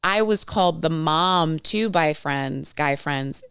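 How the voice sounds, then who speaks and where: A woman's voice: low-pitched, slow pace, a bit bright, smooth, no echo. A woman in her thirties co-hosting a podcast, chatting casually and telling stories with quoted voices. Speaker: podcast co-host. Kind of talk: casual chat.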